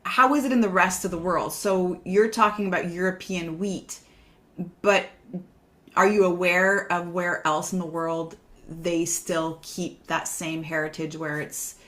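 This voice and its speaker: A woman's voice: lowish voice, steady tone, measured pace, a bit bright. A woman hosting a casual podcast interview, reflective and enthusiastic as she asks questions. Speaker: podcast host.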